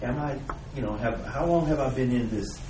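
A man joining an informal Bible study discussion, halting and repeating himself with many "you know"s. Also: medium pitch, warm tone, recorded from a distance, a little hiss or hum. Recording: echoey room, voice from across it.

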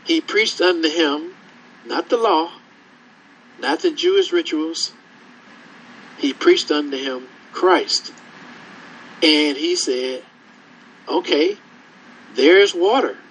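A man preaching a sermon, slow and conversational, acting out scripture dialogue and drawing answers from the congregation. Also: on the high side, fairly bright tone, rough recording.

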